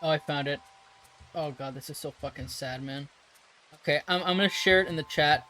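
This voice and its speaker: A streamer on a live broadcast talks at a mid pitch in a loose, rambling way, laughing often and swearing freely. Faint music plays underneath. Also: a little fast, pushed and bright, rough recording. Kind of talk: casual live-stream chat while drawing.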